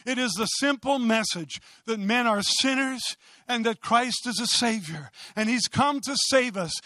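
Preacher guy, really high voice, gets loud and fired up, dry close sound. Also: dry recording. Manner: impassioned, rising to loud exclamations. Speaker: pastor. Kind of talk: sermon.

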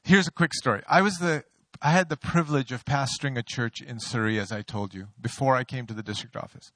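A middle-aged man preaching a sermon, an animated storyteller who mocks himself and laughs often. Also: medium pitch, no echo. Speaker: pastor. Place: church sanctuary.

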